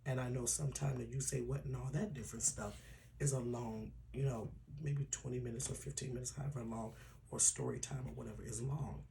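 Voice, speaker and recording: A man vlogging an update to his viewers in a casual, earnest way, with a tired, hoarse throat. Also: medium pitch, steady tone, a little fast, mellow, a little hiss or hum. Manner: earnest, personal and emotional, drops to a whisper at times. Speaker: YouTuber.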